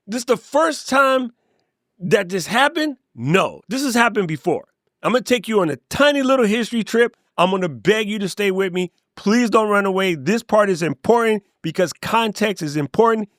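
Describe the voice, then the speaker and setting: Lively high-voiced man, slangy host. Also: dry recording, clean studio sound. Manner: animated, slangy, playful asides. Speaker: creator coach, host. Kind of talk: casual direct-to-camera talk.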